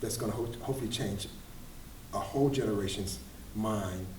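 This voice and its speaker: A man's voice: fairly low pitch, normal speed, slight background noise. Middle-aged man telling rambling stories. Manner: animated, rambling storyteller with repeated "and, and". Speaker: guest dance choreographer. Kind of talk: casual interview storytelling. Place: large room at a kids fitness camp event. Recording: roomy echo, distant mic, faint ambience.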